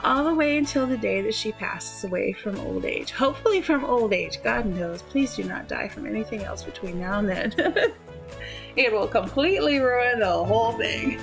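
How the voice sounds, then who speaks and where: A woman's voice: fairly high pitch, lively intonation, normal speed, vocal fry, soft background music, poor audio. A woman giving casual, chatty commentary while playing a life-simulation game, full of fillers and giggles. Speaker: gaming youtuber.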